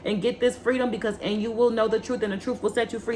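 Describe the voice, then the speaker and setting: A woman's voice: fairly high pitch, fairly even intonation, quick pace, hardly any pauses, mellow, a little hiss or hum. A woman gives a spiritual tarot reading, fiery and preachy, swearing freely. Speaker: tarot reader.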